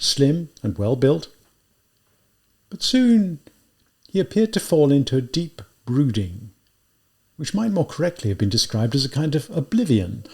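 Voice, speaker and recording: A man reading a classic novel aloud as an audiobook, in measured, deliberate narration. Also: a little high, husky. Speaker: audiobook reader. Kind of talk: scripted narration.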